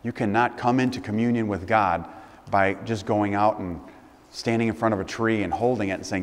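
A man's voice: on the low side, moderate pace. A man preaching a sermon as a priest, asking questions and building emphatic lists. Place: church. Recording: long church reverb.

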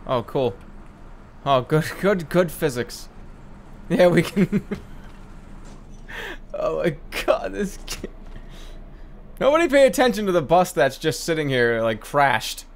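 A man commentating on a game with a fairly high voice that leaps up and down in pitch. He sounds sarcastic and fed up, swearing and laughing at what happens on screen. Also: sing-song, slow, pauses often, a little hiss or hum. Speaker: gaming commentator. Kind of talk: let's play commentary.

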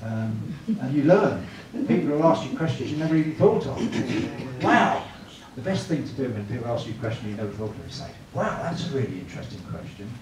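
A man's voice: medium pitch, expressive, a little fast, hardly any pauses, warm tone. A man giving a church evangelism talk, chatty, often asking the room tag questions. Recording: echoey room, mic far off, clear noise.

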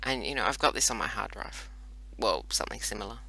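A woman's voice: rumbling low, expressive, quick pace, gravelly, bright, forceful tone, rough recording. A woman hosting casual gameplay commentary, rambling and chatty with self-mocking asides, recorded on a computer microphone. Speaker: host playing a browser strategy game.

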